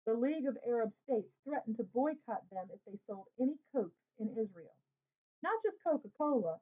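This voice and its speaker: A woman reading a first-person novel aloud as an audiobook narrator, telling the story in a lively boy's voice. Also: on the high side. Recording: tinny phone-like audio.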